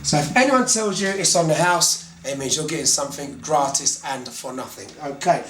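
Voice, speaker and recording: A Cockney London man teaches slang in a relaxed, chatty lesson, stretching out key words and checking in after nearly every line. His voice sits a touch high. The sound is roomy and echoey, with a faint hum of ambience behind him. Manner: chatty, repeats "okay" often, slow deliberate words. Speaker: English teacher.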